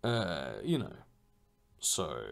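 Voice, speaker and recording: A man's voice: low voice, very animated, very slow, creaky. A young man chatting casually on a livestream, answering viewers' questions and rambling with lots of fillers, restarts and swearing. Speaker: streamer answering chat.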